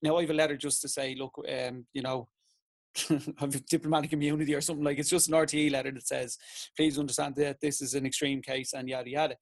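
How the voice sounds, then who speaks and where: A man's voice: medium pitch, level tone, fast, dry recording. An Irish man, a teacher and TV presenter, chatting on a podcast and acting out conversations as he tells stories. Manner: chatty storyteller, acts out exchanges. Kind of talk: casual chat.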